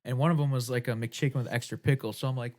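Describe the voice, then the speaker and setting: A man's voice: medium pitch, fairly even intonation, fast, a little mellow. Young man, podcast co-host, crude storyteller who swears and laughs, does voices for others. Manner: profane, laughing, acts out voices in stories.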